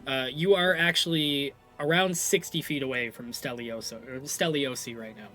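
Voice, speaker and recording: A man's voice: medium pitch, fairly even intonation, moderate pace, pushed and bright, soft background music. A man narrating as game master of a tabletop game, rambling and correcting himself as he goes.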